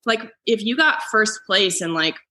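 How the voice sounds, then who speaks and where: A woman's voice: mid-range voice, animated, a little slow, pushed and bright. A young adult woman, a comedian and guest, chatting casually on a podcast and filling her sentences with "like". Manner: chatty, lots of "like" fillers. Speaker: comedian and foosball player guest.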